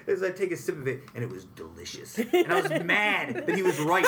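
A young man hosting a podcast, chatting casually with guests and telling animated stories with frequent laughter. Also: a little high, fast talker, few pauses. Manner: animated storyteller, laughs often. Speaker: podcast host. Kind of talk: casual interview chat.

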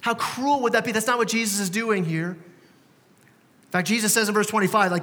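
A man's voice: high-pitched, normal speed, a bit bright. A man preaching a sermon as pastor, conversational and emphatic, often repeating words. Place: church. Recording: reverberant church hall.

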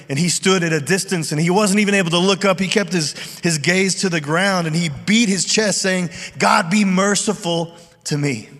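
A middle-aged male pastor delivers an earnest, conversational sermon, pitched a little high for a man. His phrases often restart as he presses his point. The sound rings with the long reverb of a large hall. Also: fairly bright tone.

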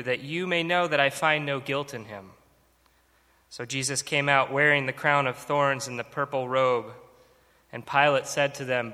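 A man giving a measured, steady reading of scripture. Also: medium pitch. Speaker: scripture reader. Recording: long hall reverb.

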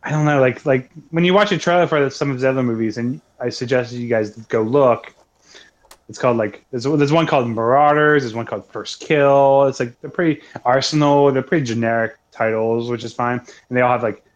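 A man's voice: medium pitch, brisk, lo-fi sound. A young man co-hosting a podcast, talking casually in a rambling way with many restarts. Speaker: podcast co-host. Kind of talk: casual chat.

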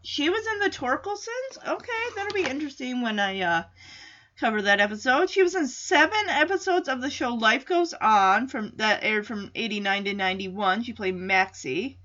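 A woman's voice: on the high side, lively intonation, moderate pace, bright, forceful tone, lo-fi sound. A woman casually recapping a TV episode in a chatty way, with frequent laughs and filler words.

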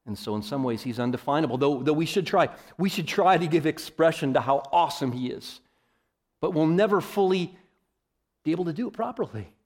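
A man preaching a sermon, emphatic, often calling his listeners "folks" and swinging from loud declarations to quiet, low asides. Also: expressive, brisk. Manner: emphatic, varies loudness widely, addresses listeners as folks.

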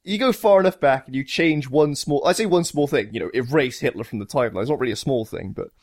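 A man's voice: mid-range voice, lively intonation, fast talker, a little mellow. A man co-hosting a podcast, chatting casually and animatedly about video games, laughing often. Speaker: podcast co-host. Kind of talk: casual chat.

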